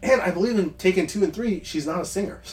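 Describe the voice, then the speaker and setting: A man co-hosting a podcast, chatting casually about movies, rambling with quick asides and frequent laughs. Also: sits high, soft background music. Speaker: podcast co-host.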